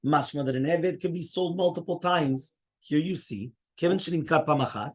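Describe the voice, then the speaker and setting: A man's voice: fairly high pitch, normal speed, slightly rough. A man who is a rabbi leading a Talmud study class, explaining step by step, fielding students' questions and often checking in with "right?".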